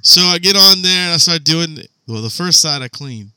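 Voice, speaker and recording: A man's voice: on the high side, expressive, moderate pace, pushed and bright, clean tone. A man co-hosting a podcast, telling a work story in casual, profane chat and laughing through it. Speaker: podcast co-host.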